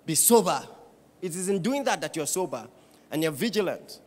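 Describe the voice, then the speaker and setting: A man preaching a sermon as pastor, firing rhetorical questions at the congregation and building to shouts. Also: a little high, moderate pace, some chatter behind. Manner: animated preaching with rising shouts and bursts of laughter.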